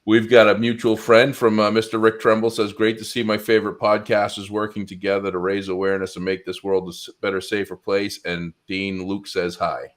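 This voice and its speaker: A man hosting a podcast interview who talks quickly and often drops in short replies. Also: on the low side, flat delivery. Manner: quick, with frequent short back-channel replies. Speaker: podcast host.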